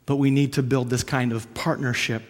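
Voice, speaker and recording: A man from Canada preaching a sermon, earnest and storytelling, moving between hushed and emphatic. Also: medium pitch, flat delivery, normal speed. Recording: long hall reverb.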